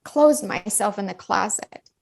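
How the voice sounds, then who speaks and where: A woman's voice: mid-range voice, animated, measured pace, gravelly, darkish tone, slight background noise. A middle-aged woman, a dentist guest on a podcast, talking earnestly and candidly and often repeating words as she goes.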